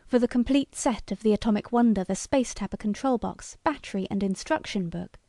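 Woman reading an eager young toy salesman, salesy and confiding, mellow tone. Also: medium pitch, brisk, dry recording, studio quality, lightly acted. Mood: selling.

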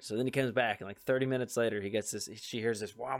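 A man's voice: fairly low pitch, steady tone, fast talker, hardly any pauses. Laughing storyteller man. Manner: laughs while telling family stories. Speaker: podcast co-host. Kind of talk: casual storytelling chat.

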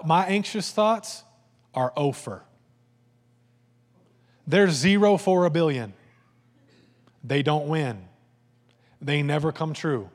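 A man preaching a lively, conversational sermon, slipping into playful voices and asides. His voice sits a touch high and rings out with a long reverb tail, as in a large hall. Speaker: pastor.

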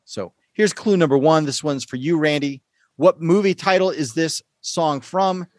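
A man hosting a casual podcast quiz, playful and quick to laugh. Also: on the high side, no echo. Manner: playful, laughs often, lively delivery. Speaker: quiz show host.

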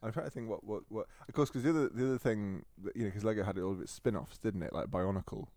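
Low-voiced man, eager storyteller, dry close sound. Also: fast, mellow, no room sound. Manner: enthusiastic, laughs often. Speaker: co-host. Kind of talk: casual podcast chat.

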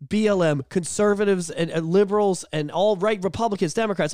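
A man co-hosting a casual podcast, talking animatedly and swearing, slipping into mocking high voices. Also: fairly quick, hardly any pauses, a little mellow, dry recording, studio quality. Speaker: podcast co-host. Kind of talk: casual chat.

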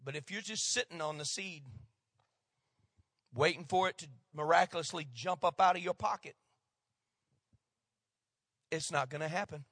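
A male pastor preaching a sermon, swinging between loud emphatic lines and hushed asides. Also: fairly high pitch, normal speed, pauses often, slightly rough, no echo, studio quality.

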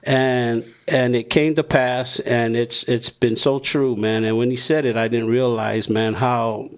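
A man who is a pastor, telling stories casually in an interview, animated and full of fillers, acting out the dialogue he quotes. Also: mid-range voice, unhurried. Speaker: pastor and podcast guest.

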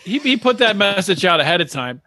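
A man's voice: high-pitched, very animated, a little fast, sharp tone, dry recording, studio quality. A man co-hosting a podcast in casual chat, speculating and thinking aloud. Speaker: podcast co-host.

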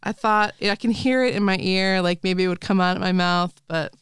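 A woman's voice: medium pitch, fairly even intonation, a little fast, fairly bright tone, clean tone, no echo, clean studio sound. Chatty woman podcast host. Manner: chatty, laughs often, acts out quotes. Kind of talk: casual book discussion.

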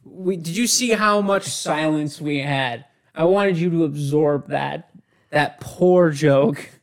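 A man's voice: on the high side, takes it slowly, gravelly. A man co-hosting a casual chat, teasing his partner in a mock-stern way.

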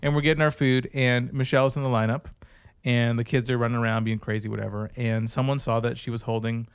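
A man's voice: mid-range voice, level tone, fast, smooth. A man hosting a podcast, telling a story in casual chat and laughing often. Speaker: podcast host.

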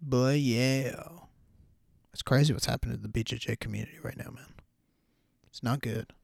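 A man's voice: medium pitch, fairly even intonation, normal speed, vocal fry, a little mellow, dry recording. A man hosting a casual solo podcast, talking loosely in slang and calling listeners bro. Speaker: podcast host.

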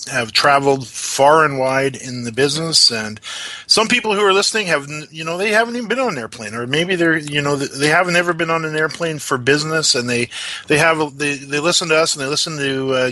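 A man's voice: fairly high pitch, pushed and bright, no room sound. A man hosting a podcast interview, asking long, rambling questions and restarting often. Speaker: podcast host.

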